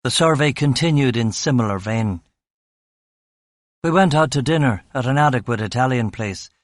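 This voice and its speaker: A man narrating a first-person crime audiobook with dry, wry understatement. His voice sits at a middle pitch. The recording is close and dry, with no room sound. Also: lively intonation, moderate pace, no echo.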